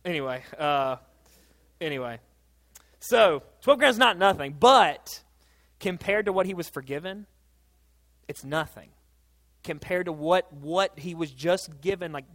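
A man preaching a sermon, telling a Bible story in a casual, animated way that builds to excited peaks. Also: on the high side. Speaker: pastor.

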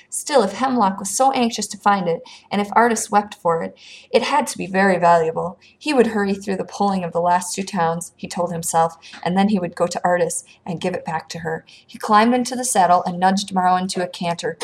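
A woman reading a children's fantasy novel aloud with steady, expressive storytelling. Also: medium pitch. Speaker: audiobook reader.

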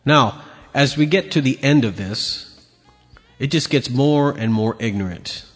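A medium-pitched man speaks a little slowly over faint background music, his voice carried by a long hall reverb. Hosting a podcast, he rants angrily and crudely while commenting on video clips, sounding profane and mocking.

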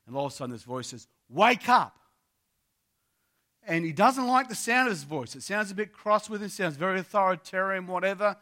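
Bright-voiced storytelling male pastor. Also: a little high. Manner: vivid storytelling, addresses congregation as friends; emphatic preaching, repeats key phrases. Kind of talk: sermon.

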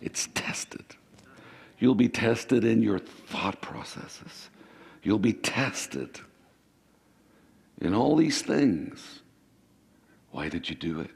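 A man preaching a sermon as pastor, with sudden emphatic rises and quick bursts. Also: on the low side, sing-song, vocal fry, a little mellow, slightly rough. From Ireland. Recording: hall reverb.

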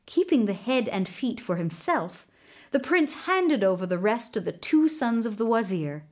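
A woman's voice: fairly high pitch, sing-song, moderate pace, a little mellow. A woman narrating a folk tale from a storybook, reading with voiced characters.

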